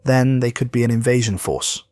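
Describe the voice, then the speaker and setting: A man's voice: medium pitch, moderate pace, warm tone, natural voice. A man voicing a paranoid conspiracy-minded technician. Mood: ominous.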